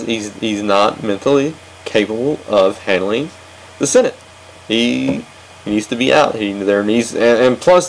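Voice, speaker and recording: A man's voice: medium pitch, rough recording. A man hosting a political commentary show, ranting sarcastically with frequent restarts.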